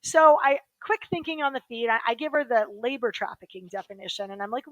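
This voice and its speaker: A middle-aged woman, an attorney, telling a lively personal story in a casual interview. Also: on the high side, fairly quick, hardly any pauses, no echo, rough recording. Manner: lively anecdotal storytelling with quoted voices. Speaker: guest, human rights attorney.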